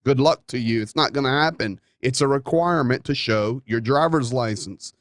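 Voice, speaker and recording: A man's voice: medium pitch, normal speed, dry recording, clean studio sound. A man hosting a talk show, delivering a folksy, emphatic monologue with playful asides. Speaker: show host.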